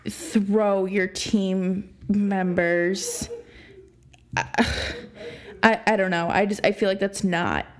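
Exasperated young woman podcast host. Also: medium pitch. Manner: exasperated, animated, laughs between points. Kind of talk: opinionated sports podcast rant.

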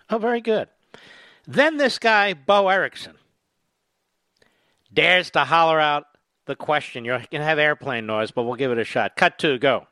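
A middle-aged male radio host with a bright, forceful voice that jumps all over its range. He mocks and needles in a sarcastic studio monologue. The close mic sounds dry. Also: on the high side, normal speed, dry recording. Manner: mocking, animated, sarcastic. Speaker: radio talk show host.

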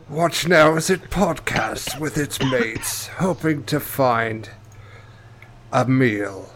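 A man's voice: medium pitch, a bit bright, slight background noise. A man doing a nature-documentary narrator.

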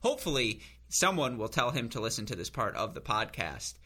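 A man co-hosting a podcast, telling rambling self-mocking stories with bursts of high laughter. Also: sing-song, fairly quick, pushed and bright, husky. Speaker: podcast co-host. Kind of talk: casual chat.

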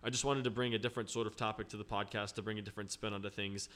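A man hosting a podcast, reading listener questions aloud in a plain, steady voice. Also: fairly low pitch, racing.

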